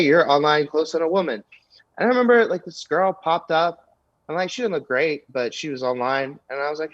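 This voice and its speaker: A man's voice: medium pitch, dry recording. Young male comic spinning a raunchy anecdote, dry and slightly dull recording. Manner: animated, crude anecdote telling with many fillers. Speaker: comedian guest. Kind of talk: storytelling on a podcast.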